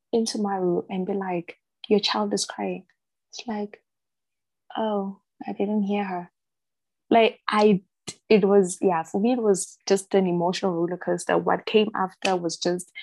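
A woman's voice: lowish voice, darkish tone, no echo, rough recording. A young woman talking frankly in a casual chat, laughing often and acting out what people said to her.

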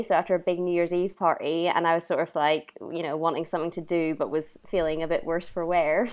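A young woman from Ireland, chatting as an interview guest, laughing often and acting out her own past remarks. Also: fairly low pitch. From Northern Ireland. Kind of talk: casual interview chat. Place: lives in London.

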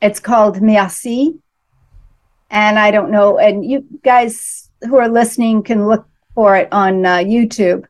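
A woman hosting a casual conversation, retelling things in a measured, earnest way. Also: mid-range voice, fairly even intonation, a little mellow.

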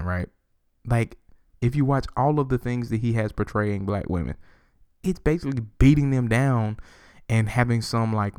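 A man hosting his own podcast, ranting solo in a profane, animated way and laughing often. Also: mid-range voice, no echo, clean studio sound. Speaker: podcast host.

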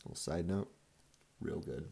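A man's voice: low-pitched, unhurried, mellow, a little hiss or hum. A man in his thirties giving a rambling, profane, jokey recap of his fantasy football league to his friends. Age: 30s. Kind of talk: casual profane recap video.

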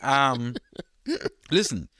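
A man talks through his opinions in an easygoing podcast chat. His voice is smooth and clear, recorded dry and close with no room sound. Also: mid-range voice, no room sound. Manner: relaxed, rambling, drawn-out thinking aloud. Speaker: podcast co-host. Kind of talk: casual chat.

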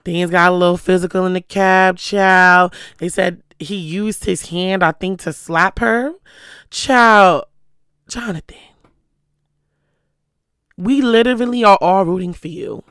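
A lively vlogger spills gossip to the camera, cursing often and jumping between stories. The voice comes across bright and smooth, recorded dry and close on a stand mic in a small room at home. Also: medium pitch, slow pace, no echo. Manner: animated, profane, gossipy storytelling. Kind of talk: casual chat to the camera. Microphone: stand mic close to the speaker.

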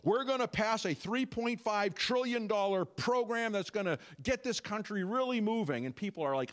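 A man preaching a sermon, animated, with frequent rhetorical questions and asides to the congregation. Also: high-pitched, moderate pace, few pauses. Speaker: pastor.

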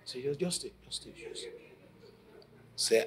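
A man preaching a sermon at a conference, telling stories and acting out the quotes, from shouting to near whispers. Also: medium pitch, animated, fairly quick, long pauses, soft background music. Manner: dramatic storytelling, acting out quotes, swinging from shouts to hushed lines. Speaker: pastor. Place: conference stage.

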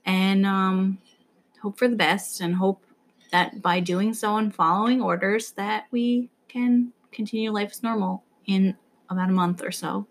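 A woman's voice: medium pitch, steady tone, unhurried, a little hiss or hum. A young woman from the New York area, co-hosting a podcast in casual chat, rambling anxiously and swearing now and then. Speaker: podcast co-host.

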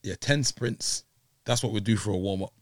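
A man's voice: on the low side, normal speed, no room sound, clean studio sound. A young man, chatting casually as a guest and telling stories in laid-back slang. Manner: laughing, animated storytelling with street slang. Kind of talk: casual chat.

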